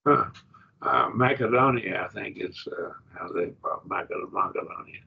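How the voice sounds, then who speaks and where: A man's voice: fairly low pitch, measured pace, vocal fry. A man teaching a Bible class, going through Greek words one by one and thinking aloud as he explains. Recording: dull lo-fi classroom recording with faint noise.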